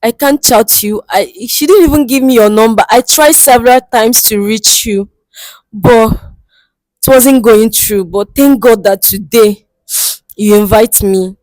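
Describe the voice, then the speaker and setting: A woman plays a distraught young woman in a skit, tearful and begging for help, repeating her pleas. Her voice sits fairly high and moves slowly. The sound is dry and close. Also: a little mellow, dry recording, natural voice, low-quality recording. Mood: pleading. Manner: tearful, pleading, repeats herself. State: crying. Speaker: guest seeking help. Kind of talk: scripted comedy skit acting. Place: studio.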